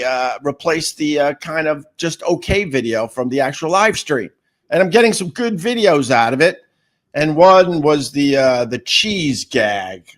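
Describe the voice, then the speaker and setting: A middle-aged man hosting a casual livestream, reading viewer comments and rambling with repeated words. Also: medium pitch. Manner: rambling, repeats words, sudden loud jumps. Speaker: radio host and livestreamer.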